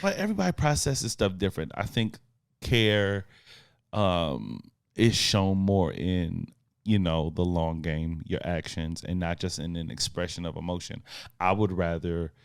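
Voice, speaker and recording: Guy in his 30s, kinda low voice, chill slangy storytelling, laughs a lot, dry close mic. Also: lively intonation, a little slow, vocal fry, smooth, no echo. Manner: laid-back slang-heavy storytelling with laughs. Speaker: podcast co-host. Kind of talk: casual chat.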